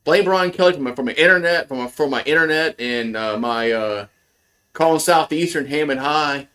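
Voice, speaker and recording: An excitable, cursing man hosts live fan play-by-play, flipping from grumpy side remarks to shouted big-play calls. His voice leans high and his pace is moderate.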